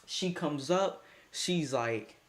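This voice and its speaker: A young man telling a casual storytime tale in a lively, slangy way, laughing as he goes. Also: a little high, takes it slowly.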